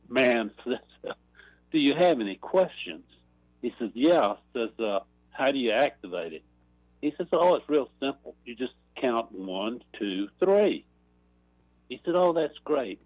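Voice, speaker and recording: A man calling a talk radio show and slowly telling a long joke, clearing his throat along the way. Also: mid-range voice, dry recording, dull audio. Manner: slow rambling storyteller, clears throat. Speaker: caller.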